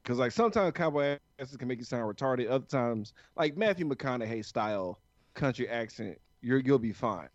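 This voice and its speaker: A man's voice: mid-range voice, lively intonation, normal speed, no room sound. A man from the United States, co-hosting a podcast in casual chat, rambling and swearing a lot. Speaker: podcast co-host. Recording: dull lo-fi sound, dry.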